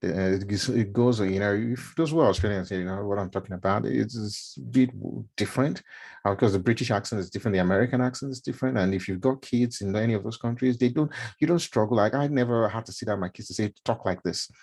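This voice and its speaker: Here a middle-aged Nigerian mentorship speaker talks fast in a lowish, slightly mellow voice with vocal fry and a breathy edge. His casual live stream talk is chatty, with lots of fillers and repeated words.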